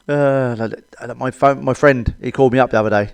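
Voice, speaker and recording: A middle-aged man with a British accent runs through a crude stand-up routine, blunt and cheeky, with plenty of swearing. His voice sits at an ordinary middle pitch. The sound is dry and close, with no room echo. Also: fairly even intonation, normal speed, vocal fry, few pauses, clear, resonant tone. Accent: British English. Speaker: stand-up comedian. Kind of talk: crude stand-up comedy monologue.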